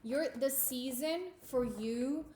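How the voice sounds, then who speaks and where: Woman tarot reader, unhurried and emphatic, intimate with listener, echoey room. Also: sits high, dark tone, a little hiss or hum. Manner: intimate, emphatic, addresses listener as darling and babe. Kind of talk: tarot reading monologue.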